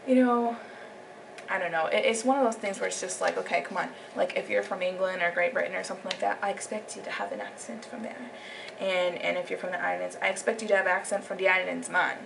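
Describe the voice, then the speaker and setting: A young woman talking casually on her vlog, animated, slipping into whispered asides. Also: on the low side, a little fast, vocal fry. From United States. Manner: animated, drops into whispered asides and acted quotes. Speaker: vlogger. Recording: distant mic with faint background noise.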